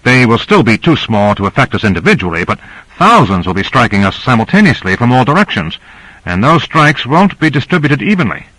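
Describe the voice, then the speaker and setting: A man's voice: mid-range voice, bright, forceful tone, dry recording, low-quality recording. A man reading the part of a weary ship captain who explains things at length. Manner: explanatory, lecturing. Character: weary male submarine captain, explaining patiently.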